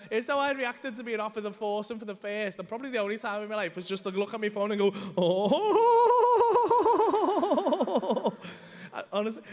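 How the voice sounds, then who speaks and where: A man doing stand-up in a comedy club, telling a story in an animated, sweary way and acting out the voices of the people in it. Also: very high voice. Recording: live club room with reverb.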